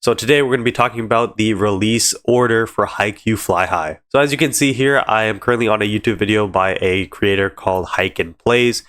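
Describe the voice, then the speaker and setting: A man's voice: fairly low pitch, a little fast, hardly any pauses, a bit bright. A man with a congested voice, chatting casually to his channel about a game's upcoming banners. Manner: chatty, explains step by step with many "so" and "again". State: congested from allergies. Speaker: gaming YouTuber. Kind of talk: casual game news talk to camera.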